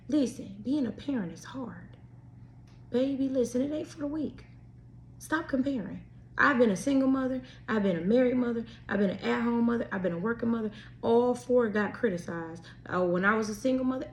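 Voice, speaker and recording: A woman's voice: a little high, fairly quick, gravelly, a little mellow. A middle-aged woman hosting a talk show, speaking candidly and preachily about faith, family and marriage, sometimes dropping to a near whisper for asides. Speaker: podcast host. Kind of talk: personal faith-based talk. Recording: faint background noise.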